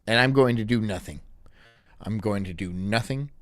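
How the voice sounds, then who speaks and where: A man's voice: on the low side, moderate pace, a bit bright, dry recording, faint music behind. A man streaming and reacting casually, rambling in a sarcastic way and laughing often.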